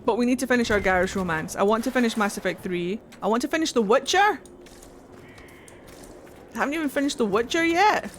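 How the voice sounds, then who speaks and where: A woman's voice: fairly high pitch, lively intonation, a little fast, long pauses, a little hiss or hum. A woman live-streaming a game, chatting casually with viewers and reading game text aloud.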